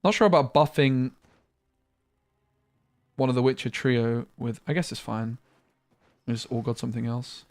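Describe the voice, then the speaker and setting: A man's voice: medium pitch, normal speed, long pauses, no room sound. A man streaming a card game, chatting casually and muttering asides with mild slang. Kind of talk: casual gameplay commentary.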